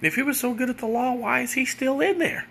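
A man's voice: extremely high pitch, brisk, vocal fry, sharp tone, a little hiss or hum, pitched above the performer's own voice, exaggerated voice. A man voicing a brash, overworked male public defender who scoffs at his young client. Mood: mocking.

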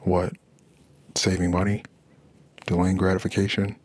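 A man's voice: sits low, monotone, unhurried, darkish tone, dry recording. A man hosting a podcast, venting in a rambling, frustrated monologue about his marriage. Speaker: podcast host.

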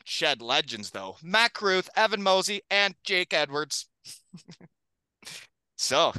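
A man's voice: sits high, sing-song, a little slow, pushed and bright, smooth, no room sound. A man hosting a casual hockey podcast, upbeat and joking, often laughing. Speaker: podcast host.

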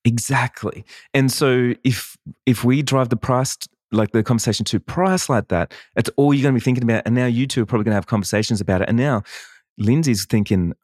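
A man hosting a casual workshop chat about client calls, animated, acting out client dialogue and laughing often. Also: medium pitch, a little fast, no room sound, studio quality. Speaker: wedding photographer and business coach.

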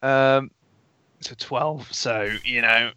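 A man's voice: mid-range voice, steady tone, very slow, sharp tone, highs cut off. Stammering, rambling male player. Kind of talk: casual tabletop game chat.

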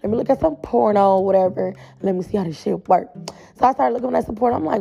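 A woman's voice: medium pitch, fast talker, creaky, warm tone, breathy edge, lo-fi sound. A woman telling a blunt, profane storytime straight to her viewers in a casual, chatty way.

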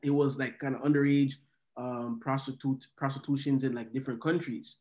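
A man's voice: medium pitch, fairly even intonation, a little fast, darkish tone. A man in a casual faith conversation, explaining his point with plain everyday examples. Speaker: churchgoer in conversation.

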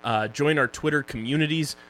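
A young podcast co-host on a casual show about streaming series jokes loosely while running through social plugs and sponsor reads. His voice is on the high side, a little fast and a bit bright, with a slight hiss or hum.

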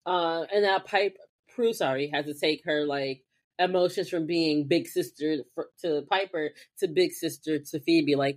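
A woman's voice: sits low, unhurried. A woman co-hosting a casual podcast, recapping a TV episode and acting out the characters' lines in a heightened voice. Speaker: podcast co-host.

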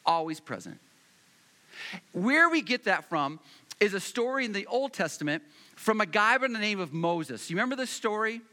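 A man preaching a sermon as pastor, repeating phrases for emphasis and slowing down and rising in volume on key points. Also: sits high, sing-song, sharp tone.

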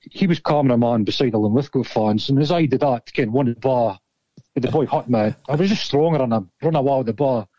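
A man's voice: mid-range voice, fairly quick, mellow, no room sound, muffled recording. A Scottish man, a former footballer, telling rambling, sweary stories in casual chat. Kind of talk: casual storytelling.

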